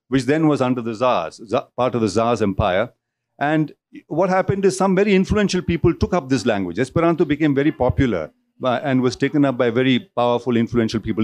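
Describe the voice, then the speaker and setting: A man at mid pitch delivers a public talk in a lecture hall. He talks in loose, discursive runs and often stumbles and repeats a word before going on. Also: darkish tone. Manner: discursive, with frequent restarts and repeated words. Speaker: speaker at a cultural centre talk.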